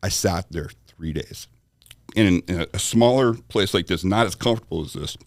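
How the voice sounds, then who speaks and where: A man on a podcast as guest, telling a story with animated asides and acted-out quoted voices. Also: low voice, moderate pace, no echo, clean studio sound. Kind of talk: storytelling in conversation.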